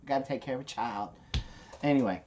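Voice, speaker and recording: A woman's voice: very deep voice, fast, darkish tone, dull audio, a little hiss or hum. A woman, chatting casually and rambling on her live stream, with giggly asides. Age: adult, a parent. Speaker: livestream host.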